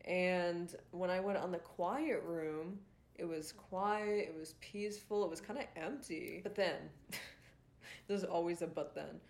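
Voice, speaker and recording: A young woman chatting straight to her viewers in a casual storytime vlog. Her voice sits a little low for a woman. She rambles along with plenty of likes and ums and swears freely. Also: steady tone, takes it slowly. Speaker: vlogger.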